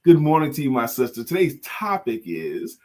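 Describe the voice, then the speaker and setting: A middle-aged man from the United States co-hosting a live online talk show in a lively, playful casual chat. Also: medium pitch, moderate pace.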